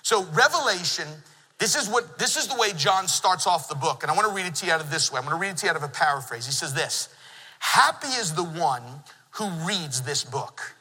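A middle-aged man preaching a sermon in a church, an animated storyteller who jokes with the congregation. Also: sits high, fast talker, slightly rough, in a large hall, poor audio. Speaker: pastor. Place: church sanctuary.

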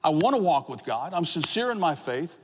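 A man preaching a sermon, telling his own conversion story with rising emotion and shouted praise. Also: a little high, big pitch swings, a little fast, slight background noise. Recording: long hall reverb.

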